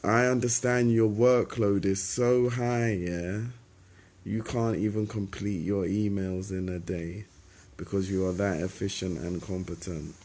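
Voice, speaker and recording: A man's voice: fairly low pitch, level tone, unhurried, a little mellow. A young man delivering a sarcastic, confrontational spoken-word monologue straight at his listeners. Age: young adult. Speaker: rapper.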